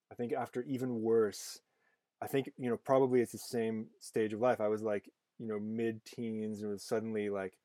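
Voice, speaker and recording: A man's voice: fairly low pitch, mellow, no echo. Chatty man hosting a podcast. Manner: rambling, many fillers and restarts. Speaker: podcast host. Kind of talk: casual conversation.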